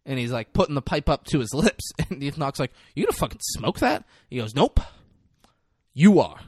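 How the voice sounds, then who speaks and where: A man in casual chat, retelling a film scene with lively acted-out lines and plenty of swearing. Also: mid-range voice, brisk, slightly rough, no echo, clean studio sound. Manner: animated storyteller, acts out lines, swears freely.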